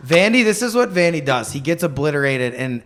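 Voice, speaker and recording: A man's voice: a little high, sing-song, normal speed, noisy background. A middle-aged man hosting a podcast in casual chat, joking and telling stories with frequent laughs. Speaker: podcast host.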